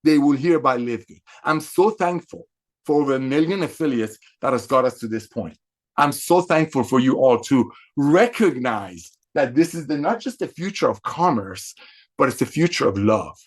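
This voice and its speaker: A man speaking as a company executive to his affiliates, in an excitable motivational sales talk full of repetition and emphatic, preacher-like stresses. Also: medium pitch, moderate pace.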